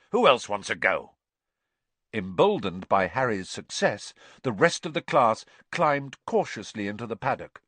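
A man reading a novel aloud as an audiobook narrator, with expressive storytelling on a close studio mic. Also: medium pitch, no echo.

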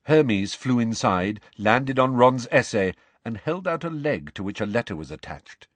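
A man narrating a storybook as an audiobook, in an expressive storytelling way. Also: mid-range voice, unhurried, no room sound. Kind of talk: scripted narration.

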